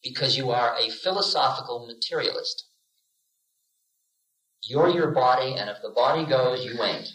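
Bright-voiced man giving a roomy spiritual lecture. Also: mid-range voice, moderate pace, long pauses. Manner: storytelling, acts out quoted voices with humor. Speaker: spiritual teacher.

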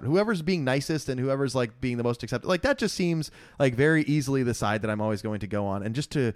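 A man co-hosting a casual sports podcast, rambling through an animated story with lots of fillers and laughs. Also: mid-range voice, rapid-fire, hardly any pauses, clean tone, no room sound, clean studio sound. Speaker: podcast co-host.

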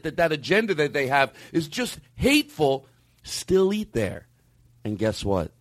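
A man hosting a comedy podcast, telling stories in a loose, profane, animated way that swings between loud and quiet. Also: a little high, no room sound, clean studio sound. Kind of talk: casual comic storytelling.

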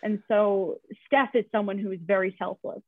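A woman's voice: mid-range voice, steady tone, moderate pace, no echo. A woman talking as a podcast guest in casual chat, chatty with frequent restarts and fillers. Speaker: podcast guest, basketball writer. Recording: tinny phone-like remote line, dry.

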